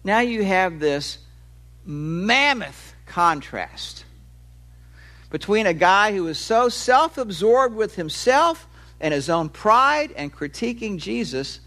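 Lively, high-voiced male preacher. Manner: conversational, explains and uses everyday examples. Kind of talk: sermon.

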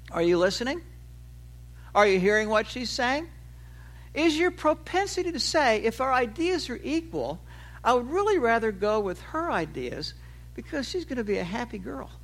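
High, bright-voiced preaching man. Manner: animated preaching, voice rising for acted quotes and dropping low at phrase ends. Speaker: pastor. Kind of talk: sermon.

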